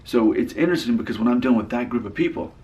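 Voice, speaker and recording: A man's voice: medium pitch, animated, very fast, mellow. A man in his late thirties talking casually to his viewers, reading out their comments and answering them with dry rebuttals. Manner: talkative, repeats and restarts phrases. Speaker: YouTube creator.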